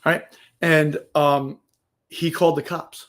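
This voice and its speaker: A man, a podcast guest, telling an animated casual story, acting out the quotes and tagging "right?" onto his lines. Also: fairly high pitch, slow pace. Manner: animated, acts out quotes, says "right?" often.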